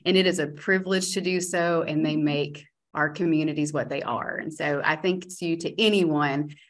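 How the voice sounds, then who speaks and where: A woman's voice: low-pitched, fairly even intonation, moderate pace. A woman community college educator telling a student story on a webinar panel, earnest and reflective.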